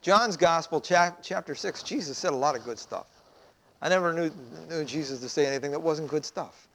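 High-voiced man preaching a sermon. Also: a little fast, fairly bright tone, a little hiss or hum. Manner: conversational preaching with rhetorical questions. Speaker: pastor.

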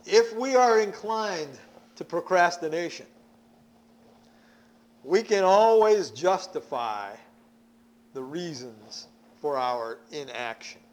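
A man's voice: fairly high pitch, animated, slow, pauses often. A man preaching a sermon, emphatic, repeating words as he presses his points.

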